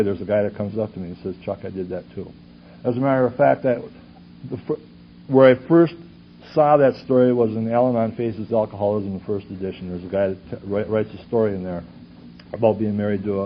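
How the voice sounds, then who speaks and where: Earnest man testifying on a lo-fi tape. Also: fairly low pitch. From Superior, Wisconsin. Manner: earnest, rhetorical questions, swings from loud to hushed. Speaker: conference speaker sharing his story. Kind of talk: personal testimony talk. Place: conference hall with audience. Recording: dull lo-fi tape recording with faint hiss.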